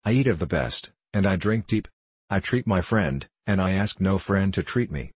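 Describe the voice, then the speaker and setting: A man's voice: low-pitched, lively intonation, moderate pace, husky. A man voicing a boastful, swaggering English archer soldier who talks freely and heartily. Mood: hearty boasting. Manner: hearty, boastful, free-spoken.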